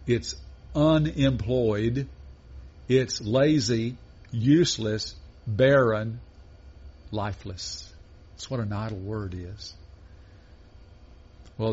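Speaking at a mid pitch in a husky, slightly breathy, a little mellow voice, a pastor preaches a sermon. He moves through his points in a measured way, posing one rhetorical question after another, on a dull, lo-fi recording.

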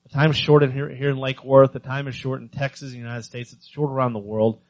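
A man's voice: medium pitch, fast. Eager male missions speaker, dull recording. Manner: lively storyteller, stumbles over repeated words. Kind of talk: missions talk at a church. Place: church in front of a congregation.

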